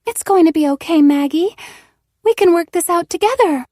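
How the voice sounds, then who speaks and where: A woman voicing a disturbed woman who mimics her sister in a high, sing-song, tearful voice. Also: normal speed, dark tone, no room sound, studio quality. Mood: pleading.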